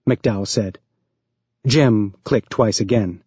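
A man reading an audiobook aloud as narrator, raising his pitch to voice characters. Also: measured pace, darkish tone, breathy edge, dry recording, dull audio.

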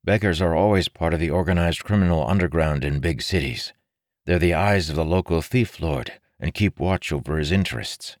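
A man's voice: low-pitched, moderate pace, no echo, clean studio sound, pitched above the performer's own voice, close to an everyday voice. A man voicing an earnest young male adventurer who talks with insistent confidence. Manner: insistent, confident, a little conspiratorial.

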